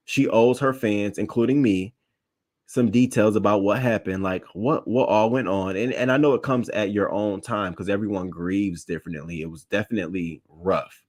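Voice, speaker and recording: A man's voice: on the low side, moderate pace, darkish tone. A man hosting a celebrity news show, giving blunt, opinionated commentary and reading his live chat, swearing freely and repeating points for emphasis.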